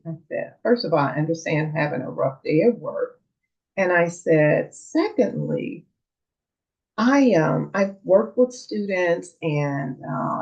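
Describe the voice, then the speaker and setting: A woman hosting a parenting channel, calmly retelling something that happened to her, with the dialogue acted out. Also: sits low. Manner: earnest, calm retelling with quoted dialogue. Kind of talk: storytelling monologue. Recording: dull lo-fi sound.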